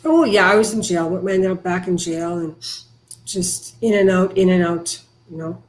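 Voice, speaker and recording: A middle-aged woman from Canada speaking frankly and haltingly as a podcast guest about her past. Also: lowish voice, rough recording. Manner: frank, halting, emotional at times. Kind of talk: candid recovery interview.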